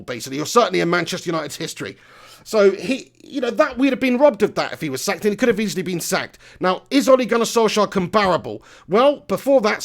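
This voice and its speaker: A young man rants through a live football reaction stream. His voice sits high and has a gravelly edge. He swears freely and piles up rhetorical questions. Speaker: football fan channel host. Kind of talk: live match reaction rant.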